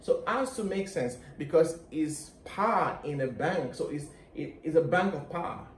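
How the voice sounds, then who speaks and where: A woman's voice: deep voice, animated, normal speed, reverberant, a little hiss or hum. A woman from Nigeria with a Nigerian accent, hosting her channel in casual, laughing chat. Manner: laughs often, chatty and upbeat. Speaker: YouTube host.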